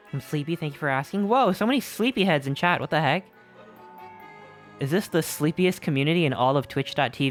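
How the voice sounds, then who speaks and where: A young adult streamer chatting casually with a live chat, upbeat and excitable, reading messages aloud. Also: medium pitch.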